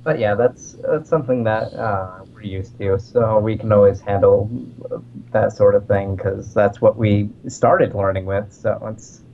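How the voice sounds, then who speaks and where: A man hosting a casual fan chat, talking in a relaxed, rambling way with many fillers. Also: lowish voice, unhurried, a little hiss or hum. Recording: dull lo-fi audio.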